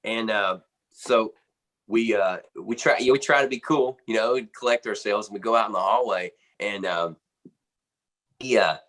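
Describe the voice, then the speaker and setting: Low-voiced man telling a band story. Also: normal speed. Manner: animated, filler-heavy, lots of "man" and "you know". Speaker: band drummer interviewed. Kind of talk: casual storytelling anecdote.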